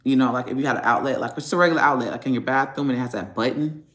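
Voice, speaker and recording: A man's voice: medium pitch, rapid-fire, fairly bright tone. Angry man venting in an echoey garage. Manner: angry, profane venting, rambling. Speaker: family vlogger. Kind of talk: casual vlog rant. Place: home garage.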